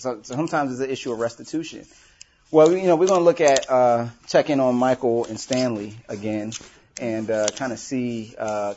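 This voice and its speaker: A gravelly, low-leaning male voice with a darkish tone leads a live workshop, chatting informally, leaning on "you know," and acting out sample lines. Slight background noise sits under a dull, lo-fi recording.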